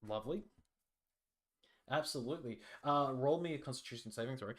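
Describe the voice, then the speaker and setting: A man running a fan-made tabletop role-playing game as game master, relaxed and hesitant, with plenty of fillers. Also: mid-range voice, a little fast.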